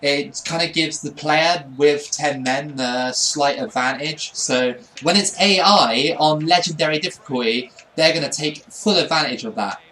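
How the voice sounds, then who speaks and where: A man giving excitable play-by-play commentary over his own football video game, swinging between quiet asides and shouts. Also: a little high, measured pace, few pauses, a little hiss or hum. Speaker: gaming channel host.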